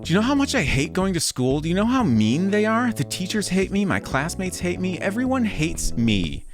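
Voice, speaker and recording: A man voicing a furious, sulky teenage girl in a game, yelling sarcastic outbursts at her mother. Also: medium pitch, huge pitch swings, a little fast, faint music behind.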